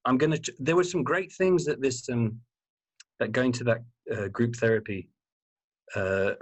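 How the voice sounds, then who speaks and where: A man being interviewed as a guest, telling his personal story in an animated, candid way and swearing freely. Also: mid-range voice. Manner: animated, earnest, swears freely and repeats words for emphasis.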